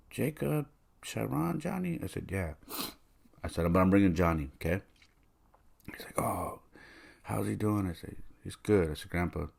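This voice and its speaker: Very deep gravelly husky man. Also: a little mellow. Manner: conversational, many fillers, acts out quoted voices. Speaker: podcast host. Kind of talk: personal storytelling.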